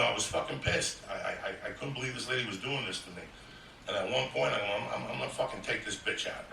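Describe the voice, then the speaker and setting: A man telling a profane comic story on stage in a brash, loud way, laughing as he goes. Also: mid-range voice, vocal fry, a little hiss or hum. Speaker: stand-up comedian. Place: comedy stage before an audience. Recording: echoey live room, mic at a distance, audience laughter.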